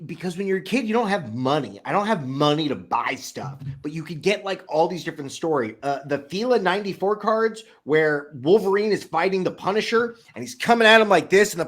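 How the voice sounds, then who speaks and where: A man's voice: high voice, fairly bright tone. A man hosting a podcast in casual chat, enthusiastic and nostalgic about childhood comics. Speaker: podcast host.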